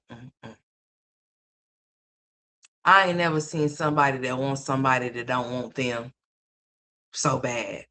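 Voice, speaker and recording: Bright-voiced, blunt, mocking commentary host. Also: mid-range voice. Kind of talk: opinion commentary on online drama.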